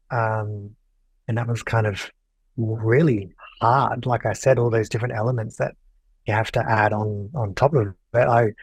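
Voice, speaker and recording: A man's voice: on the low side, dry recording, low-quality recording. A young man, guest on a podcast, telling a personal story casually and acting out quoted lines. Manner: animated, acts out quoted dialogue.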